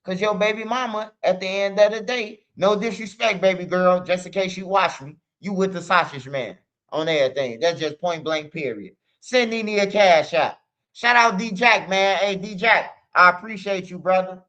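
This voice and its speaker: Dude rambling on his stream, high bright voice, slangy, keeps saying man and bro, muffled lo-fi sound. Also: moderate pace. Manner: loose slangy talk, peppered with "man" and "bro". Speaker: streamer host. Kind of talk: casual rambling monologue.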